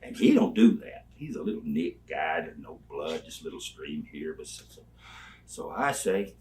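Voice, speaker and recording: A man's voice: rumbling low, moderate pace, slight background noise. An older man, an interview guest, telling rambling stories and acting out the people in them. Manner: rambling, animated, acts out quoted people. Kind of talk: storytelling. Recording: voice somewhat distant from mic.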